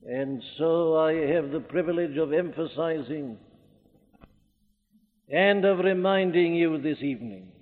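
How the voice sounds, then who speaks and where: A man with a Welsh accent preaches with fervour, his high voice climbing into loud declamations. The sound is thin and phone-like, as in an old archival recording. A long reverb hangs after each phrase, as in a large church hall. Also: unhurried. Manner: fervent, rising to loud declamation. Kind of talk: sermon.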